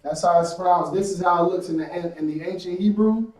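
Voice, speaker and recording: A man's voice: sits high, fast, darkish tone. A man teaching a live-streamed class, casual and repetitive, with many fillers. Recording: echoey room from far off.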